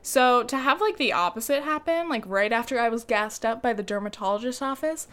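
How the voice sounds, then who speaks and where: A young woman talks straight to her audience in a loose, casual vlog style, dropping fillers and curse words as she goes. Her voice sits a little high and comes through smooth and clear. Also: lively intonation, normal speed. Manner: chatty, lots of "like" fillers, swears freely. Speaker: vlogger. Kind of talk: casual chat.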